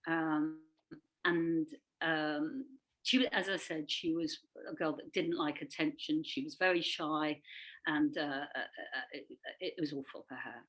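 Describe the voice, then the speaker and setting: A woman speaking at a webinar, telling a personal account in a halting way, with many pauses, fillers and restarts. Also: low voice, fairly even intonation, fairly bright tone, low-quality recording. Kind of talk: personal testimony.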